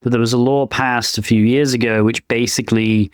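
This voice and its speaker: A man co-hosts a casual podcast and talks through his opinions as they come to him. His voice sits at an ordinary pitch and sounds dry and close to the mic. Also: little pitch movement, brisk, clear, resonant tone, no room sound. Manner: opinionated, thinking aloud. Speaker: podcast co-host; penetration tester. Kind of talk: casual chat.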